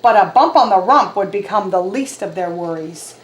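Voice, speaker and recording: A woman reading a picture book aloud to children as an animated, expressive storyteller. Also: medium pitch, moderate pace, echoey room.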